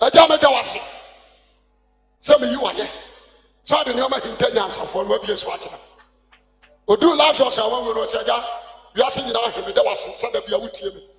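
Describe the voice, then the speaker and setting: A man with a Ghanaian accent preaching a sermon as an evangelist, impassioned and shouting, calling for responses from the congregation. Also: very high-pitched, fast talker, pauses often, soft background music. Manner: impassioned, shouting call-and-response preaching mixing two languages. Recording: long hall reverb.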